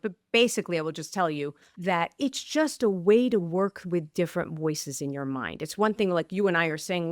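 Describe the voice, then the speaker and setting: A woman's voice: fairly low pitch, no room sound, studio quality. A woman author and coach, a podcast guest, talking emphatically and restarting sentences eagerly. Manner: emphatic, affirms often with repeated yeses. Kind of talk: interview conversation.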